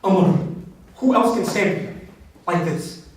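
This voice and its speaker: Speaking at a measured pace in a high voice, a man delivers a passionate religious talk in a conversational way, turning straight to his listeners. He's picked up from afar in a big echoing hall, with slight background noise.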